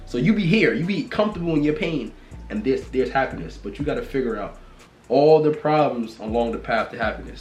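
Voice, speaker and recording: A man in a casual rant to camera, talking bluntly and repetitively, swinging from loud exclamations to low mutters. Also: reverberant. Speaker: vlogger.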